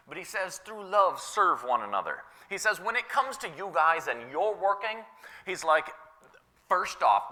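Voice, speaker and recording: A man preaching a sermon as pastor, conversational and animated, paraphrasing scripture and repeating key words for emphasis. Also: on the high side, big-room sound. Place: church sanctuary.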